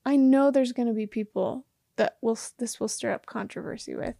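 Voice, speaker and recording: A woman co-hosting a casual chat, telling an animated story, acting out the dialogue and often breaking into laughter. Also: a little high, fairly quick, creaky, no room sound, clean studio sound. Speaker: podcast co-host.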